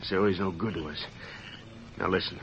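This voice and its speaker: A scheming outlaw leader. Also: male voice, steady tone, normal speed, fairly bright tone. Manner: low, conspiratorial, scheming. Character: scheming male outlaw leader, cold and calculating. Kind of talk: 1940s radio acting. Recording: hissy, dull old radio broadcast.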